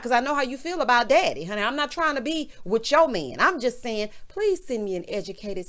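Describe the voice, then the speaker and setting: A woman's voice: medium pitch, a bit bright. A woman recapping a reality show in casual commentary, sassy and gossipy, talking straight to her viewers. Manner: sassy, gossipy, speaks to the audience directly.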